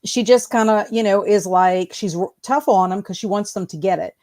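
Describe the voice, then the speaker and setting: Woman, fifties, educator, animated storyteller, laughs often, video call. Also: mid-range voice, normal speed. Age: 50s. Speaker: school proctor and educator. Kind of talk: casual video call chat.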